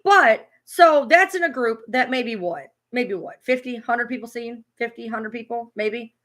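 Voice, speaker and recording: High-voiced woman in a heated rant. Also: animated, measured pace, a bit bright. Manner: heated, swearing, repetitive. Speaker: streamer reacting to a clip. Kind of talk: profane livestream rant.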